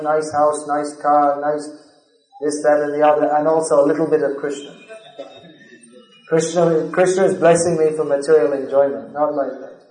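A man's voice: on the high side, a little mellow, echoey room, rough recording. A man giving a scripture class lecture, speaking earnestly and building to emphatic stress, with verses recited in a chanting cadence. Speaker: spiritual lecturer.

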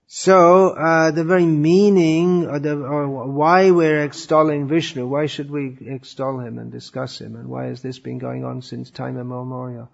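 A man gives a scripture lecture in a gravelly voice, stopping often with thoughtful fillers. The recording is dull and lo-fi. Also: medium pitch, little pitch movement, measured pace, few pauses. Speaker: religious teacher.

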